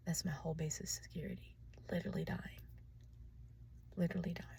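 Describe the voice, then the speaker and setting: A woman talking through her fears in a raw, profane confessional vlog, swinging between hushed and loud. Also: fairly low pitch, flat delivery, fast talker, creaky, pauses often, in a whisper. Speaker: vlogger.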